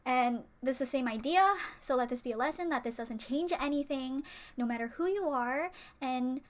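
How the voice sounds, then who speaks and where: A young woman vlogger giving an impassioned, earnest fan rant to the camera, close to tears at times. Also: sits high. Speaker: YouTube reaction vlogger.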